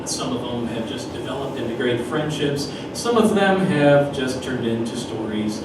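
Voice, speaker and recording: A man's voice: mid-range voice, moderate pace. A man telling a comic personal story at a live storytelling event, self-mocking, acting out the dialogue. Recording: echoey room from far off with noise.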